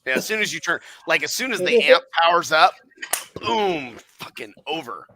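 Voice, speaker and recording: Bright, animated man swearing freely. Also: fairly high pitch, a little fast. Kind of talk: casual podcast chat.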